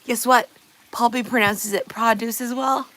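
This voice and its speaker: A woman's voice: on the high side, steady tone, normal speed, a bit bright. A middle-aged woman from Canada hosting a casual livestream, chatting with viewers in a blunt way, swearing freely and laughing often. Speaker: livestream host.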